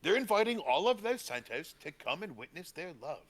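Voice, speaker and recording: A chummy, laid-back talk show co-host, acted by a man riffs through role-play banter. His tone is bright and a bit high, and his voice jumps around expressively. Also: sing-song, brisk. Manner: laid-back, tags lines with "man" and "bro".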